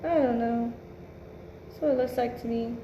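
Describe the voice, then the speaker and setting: A woman's voice: fairly high pitch, steady tone, moderate pace, warm tone, roomy sound, slight background noise. Blunt, swearing woman tarot reader. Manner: blunt, emphatic, swears freely, musing aloud. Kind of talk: casual tarot reading.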